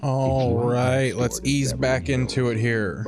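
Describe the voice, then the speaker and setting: A man's voice: mid-range voice, fairly even intonation, slow pace, creaky, loud music behind the voice. A man hosting a podcast, giving crude, sarcastic commentary on an old tape. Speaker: podcast host. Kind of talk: casual commentary.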